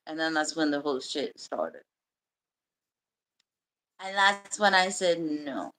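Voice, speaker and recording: Live host, female: bright, hard-edged voice, swears freely, candid halting storytelling. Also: low voice, expressive, low-quality recording. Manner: blunt and profane; emotional, halting confession. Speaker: livestream host.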